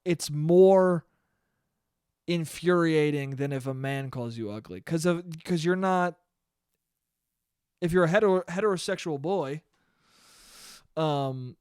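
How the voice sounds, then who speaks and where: A man's voice: on the high side, slow, long pauses, a little mellow, smooth, no echo, studio quality. A young man hosting a solo podcast, rambling casually and swearing, with self-deprecating bursts of laughter. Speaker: podcast host.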